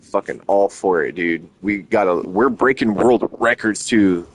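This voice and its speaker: A low-pitched man chats casually on a stream. He rambles and swears freely, his talk running hot with excitement. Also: measured pace, slightly rough. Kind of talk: casual chat.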